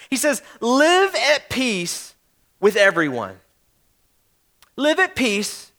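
A man's voice: high voice, sharp tone. A young man preaching a sermon in an earnest, conversational way, often restarting his sentences. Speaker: pastor.

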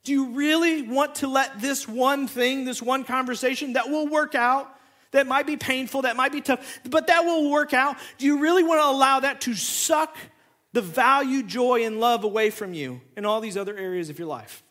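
A man who is a pastor, preaching a sermon and acting out both sides of a conversation in an animated storytelling way. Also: extremely high pitch, moderate pace.

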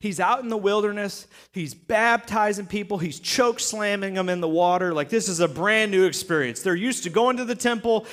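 A man's voice: sits high, normal speed, hardly any pauses, a bit bright. A male pastor preaching a sermon, telling the story with jokes and acted-out asides.

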